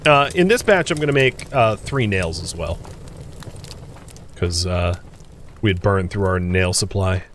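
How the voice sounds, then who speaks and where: Guy doing casual let's play commentary, bouncy lively voice, chuckles a lot, talks to chat. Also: deep voice, a little slow, long pauses, slight background noise. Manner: chatty, thinks aloud, chuckles often; addresses viewers directly.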